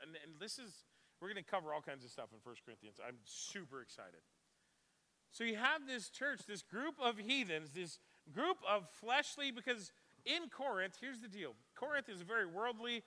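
A man's voice: high-pitched, bright, forceful tone, big-room sound. A man preaching a sermon in a church, talking conversationally and putting questions to the congregation. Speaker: pastor. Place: church sanctuary.

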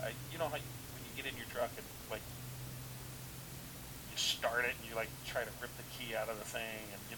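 A man preaches as a pastor, telling a personal story in an easygoing, conversational way. His pitch sits in a middle range, and he loops back over his own phrases with plenty of fillers. A clear hiss runs under the recording the whole time. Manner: casual, plain-spoken, with many fillers and repeated phrases. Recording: steady background hiss.

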